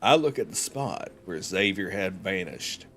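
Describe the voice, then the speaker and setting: A young man from Georgia with a Southern US accent, a streamer who chats casually and reads a game story aloud slowly. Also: deep voice, expressive, fairly bright tone, a little hiss or hum. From Georgia, USA. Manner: chatty, joking, slow and deliberate when narrating.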